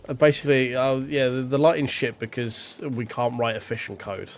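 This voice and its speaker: A man's voice: medium pitch, fairly even intonation, normal speed. A millennial man, ranting bluntly and swearing freely in casual stream chat. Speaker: sim racing streamer.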